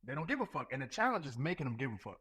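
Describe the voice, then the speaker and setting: A man's voice: medium pitch, very animated, rapid-fire, fairly bright tone, slightly rough. A man guesting on a podcast, talking in emphatic, slangy casual chat. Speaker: guest, Marine gunnery sergeant.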